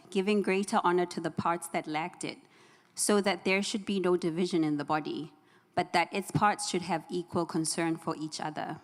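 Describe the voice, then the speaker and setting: A woman reading a scripture passage aloud in church, in a measured, even way. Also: lowish voice. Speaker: scripture reader. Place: church sanctuary. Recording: hall reverb.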